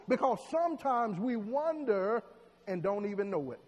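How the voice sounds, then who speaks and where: A man preaching a sermon, telling a story dramatically and building to loud, emotional peaks. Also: sits high, lively intonation, moderate pace. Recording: long hall reverb.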